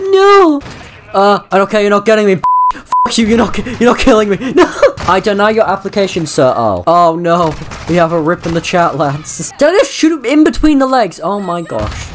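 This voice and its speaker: A man giving live gameplay commentary as a gaming YouTuber. He swings from low muttering to loud yelps, laughs often and swears freely. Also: a little hiss or hum.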